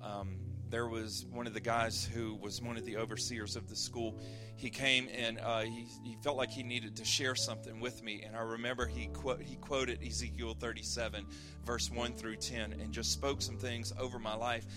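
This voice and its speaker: A man preaching a sermon, reading scripture slowly and earnestly, then praying and explaining in a conversational way with some fillers and restarts. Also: medium pitch, level tone, music in the background. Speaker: pastor.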